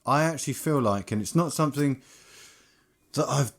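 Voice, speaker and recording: A man's voice: medium pitch, moderate pace. A man co-hosting a gaming podcast, chatting easily and agreeing along. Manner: relaxed, agreeable, laughs along. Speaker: podcast co-host. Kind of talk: casual chat.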